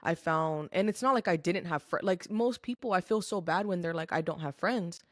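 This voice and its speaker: A woman's voice: lowish voice, a little fast, dry recording, studio quality. A young adult woman telling a personal story as a podcast guest, candid and earnest, with lots of filler "like". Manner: candid, filler-heavy speech with frequent "like"; earnest and emotional. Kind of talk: personal testimony in casual chat.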